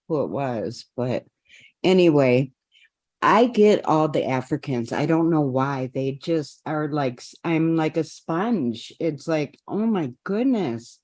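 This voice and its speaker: A woman taking part in a coaching session, speaking haltingly and trailing off mid-thought. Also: low-pitched, darkish tone, dry recording. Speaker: session participant. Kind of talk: conversational sharing.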